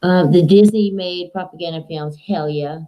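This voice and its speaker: A woman's voice: lowish voice, normal speed, dull audio. A woman streaming live from home, chatting in a rambling, casual way to her viewers and her dog.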